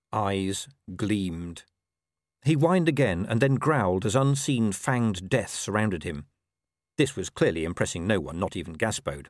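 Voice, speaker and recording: A man narrating an audiobook in an expressive, wry storytelling manner. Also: sits low, no room sound, studio quality. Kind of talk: scripted narration.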